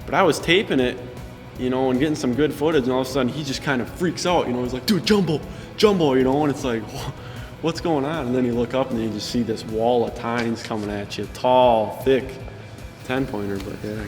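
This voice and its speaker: A man's voice: medium pitch, a little fast, a little mellow, big-room sound, faint music behind. A man who filmed a hunt, telling the story casually in an interview, with plenty of fillers. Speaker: cameraman and hunting partner.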